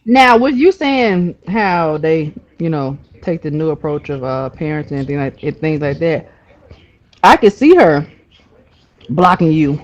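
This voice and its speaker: Lively co-host with a dull, lo-fi sound. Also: mid-range voice. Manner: quick interjecting questions and reactions. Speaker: show co-host. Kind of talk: casual chat.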